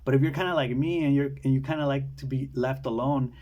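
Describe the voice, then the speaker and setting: A man's voice: mid-range voice, fairly even intonation, darkish tone, dull audio. A man talking casually to camera in a rambling monologue, with many fillers and repeated words. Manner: mimics people from a film in quick put-on voices. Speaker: video essayist.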